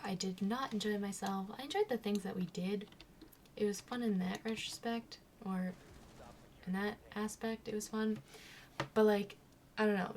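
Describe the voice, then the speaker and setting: A woman's voice: medium pitch, a little mellow, slight background noise. Chatty self-mocking woman vlogger. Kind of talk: casual storytelling.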